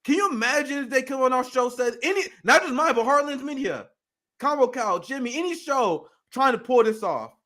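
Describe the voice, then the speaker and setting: Fired-up high-voiced male political host. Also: animated, brisk. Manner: heated, profane, swings into outraged shouting. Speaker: show host. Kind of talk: political commentary stream reacting to a video.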